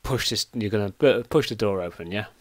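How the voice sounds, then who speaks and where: A man running a tabletop game as game master, hesitant and full of ums while working out the software. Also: fairly low pitch, a little fast, no echo. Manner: hesitant, lots of ums, talking through software trouble.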